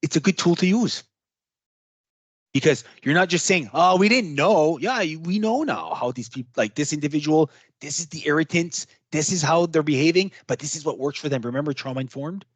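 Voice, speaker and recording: His fairly high voice moves briskly through a laid-back workshop talk. The chatty male trainer acts out what clients have said, all captured in a dry, close recording.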